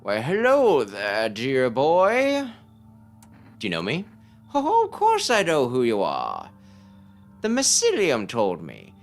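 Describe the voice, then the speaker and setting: Guy putting on a high sing-song mushroom mystic, weird and dramatic, quiet music under it. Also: huge pitch swings, slow pace, long pauses, heavily acted. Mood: cryptic. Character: eccentric old mushroom mystic, cryptic and theatrical.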